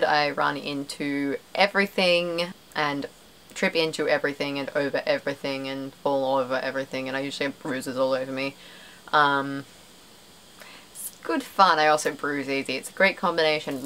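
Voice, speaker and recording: A woman's voice: sits low, fairly bright tone, a little hiss or hum, rough recording. A young Australian woman vlogging to camera in a rambling, self-deprecating way, full of fillers. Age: young adult. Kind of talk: casual chat to camera.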